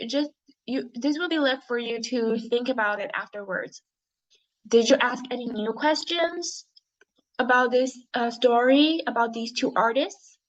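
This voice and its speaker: A woman's voice: a little high, muffled recording. A woman teaching an English reading lesson to young learners, patient and encouraging, modelling how to read with expression.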